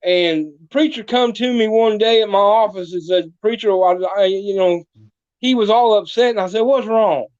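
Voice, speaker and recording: This man has a high, darkish voice that is clear and resonant, and he talks at a moderate pace. The recording is dry and the audio dull. In character as a folksy small-town mayor, he tells comic tall tales during a podcast interview and voices the people in them.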